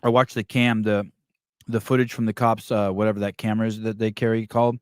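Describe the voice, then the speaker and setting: A man's voice: lowish voice, little pitch movement, quick pace, clean tone, dry recording, studio quality. A man hosting a podcast, chatting casually and telling a long story with lots of restarts and fillers. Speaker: podcast host. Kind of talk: casual chat.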